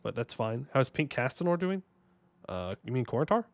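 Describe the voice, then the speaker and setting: A man's voice: medium pitch, very animated, moderate pace, creaky, no echo. A man streaming a strategy game, chatting casually and joking with his chat, humming little fanfares as he plays. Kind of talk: casual gameplay commentary. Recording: faint music behind voice.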